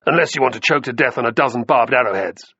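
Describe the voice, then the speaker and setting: A man's voice: mid-range voice, fast, sharp tone, husky, no room sound, lo-fi sound. A man voicing a harsh, brutal gladiator trainer in an audiobook reading, barking and snarling his orders.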